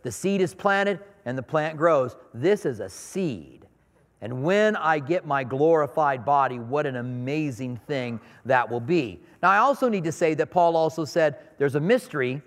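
A man's voice: on the high side, animated, moderate pace. A middle-aged man preaching a sermon in a conversational, storytelling way, acting out little scenes in his anecdotes. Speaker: pastor. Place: church sanctuary. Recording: long reverb of a large hall.

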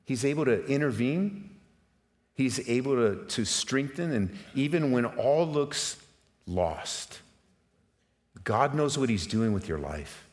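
A man's voice: medium pitch, lively intonation, slow pace. Impassioned middle-aged male preacher, reverberant hall. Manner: impassioned preaching, swinging from hushed to loud emphatic peaks; direct address to the congregation with rhetorical questions. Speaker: pastor. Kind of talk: sermon. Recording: long reverb of a large hall.

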